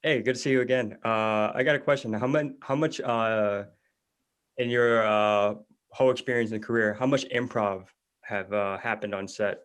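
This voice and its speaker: A man's voice: on the low side, fairly even intonation, moderate pace, clear, resonant tone. A man in the audience of a video-call Q&A, friendly and hesitant as he asks his question. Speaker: audience member asking a question.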